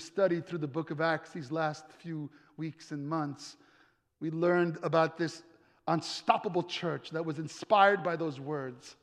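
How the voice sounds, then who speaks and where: High-voiced preacher in a reverberant hall. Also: male voice. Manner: dramatic, emphatic repetition and drawn-out pauses. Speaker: pastor. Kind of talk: sermon.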